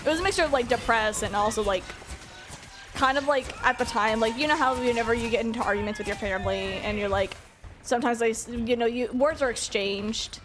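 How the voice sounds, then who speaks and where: A woman's voice: fairly high pitch, a little fast, a bit bright, soft background music. Candid young woman streamer, rambling. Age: young adult. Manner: candid, rambling, heavy on filler words. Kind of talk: casual chat while gaming.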